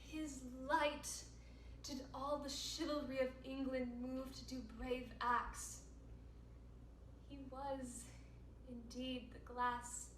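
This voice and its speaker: A young woman performing a Shakespeare monologue as a grieving noble widow, in measured, solemn verse. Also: high voice, fairly bright tone, slight background noise. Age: late teens. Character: grieving noble widow pleading with her father-in-law. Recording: echoey room, distant mic.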